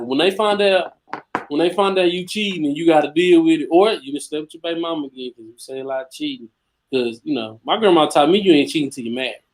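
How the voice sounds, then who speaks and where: Male podcast co-host, higher pitch, argumentative, joking, insistent. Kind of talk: casual debate chat.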